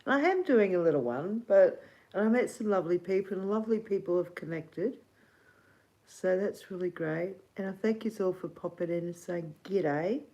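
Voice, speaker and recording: A woman's voice: fairly low pitch, normal speed, dark tone, highs cut off. A middle-aged Australian woman hosting a casual livestream, rambling and giggly, swearing casually. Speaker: livestream host.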